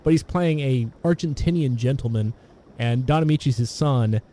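Man, casual film chat, halting, rambling, relaxed dark tone. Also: medium pitch. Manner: rambling, halting, many restarts and fillers.

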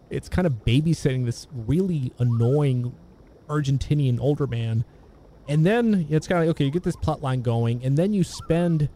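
A man's voice: mid-range voice, dark tone, a little hiss or hum. A man chatting casually about old films, rambling with many restarts and fillers. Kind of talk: casual film discussion.

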